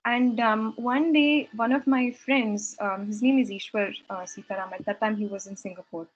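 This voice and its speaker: A woman's voice: a little high, steady tone, normal speed, lo-fi sound. A young woman telling her story at a devotional gathering, earnest and reflective, with hesitant restarts. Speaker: satsang speaker sharing her story. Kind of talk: personal testimony talk.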